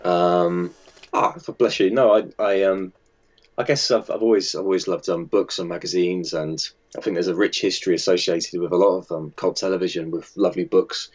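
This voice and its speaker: A man with a very deep voice talks through his work in a casual interview. He rambles along with lots of ums and false starts. The recording is dull and lo-fi. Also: fairly even intonation, normal speed, a little mellow. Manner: chatty and hesitant, with many fillers and restarts. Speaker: magazine editor and designer.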